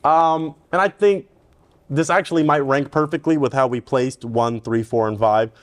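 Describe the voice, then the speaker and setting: A young man co-hosting a casual podcast chat, animated and quick to agree and tease. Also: medium pitch. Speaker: co-host.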